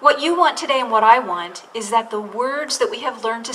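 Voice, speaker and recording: A woman's voice: on the high side, a little fast, hardly any pauses, fairly bright tone, a little hiss or hum. A woman pastor delivering a sermon, preaching in an earnest way and drawing out key words for emphasis. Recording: distant mic with faint room ambience.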